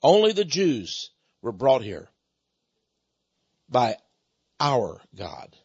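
A man's voice: medium pitch, wildly swooping pitch, drawn-out words, slightly rough, no echo, highs cut off, voice pushed down, heavily acted. A man quoting an indignant older male heckler. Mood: solemn. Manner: indignant, insistent.

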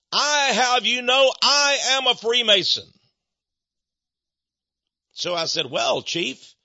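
Male speaker, American, dry husky delivery, plays every character in his anecdotes. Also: high-pitched, no room sound. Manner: animated, acts out both sides of conversations. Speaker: Christian speaker on Freemasonry. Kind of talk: storytelling sermon talk. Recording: dull muffled lo-fi recording.

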